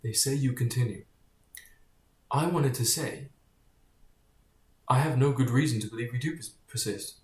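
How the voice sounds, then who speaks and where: A man's voice: mid-range voice, moderate pace, long pauses. A man talking casually to camera in a digressive, rambling way, often drifting off topic, blunt and sometimes profane. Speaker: vlogger. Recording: echoey room.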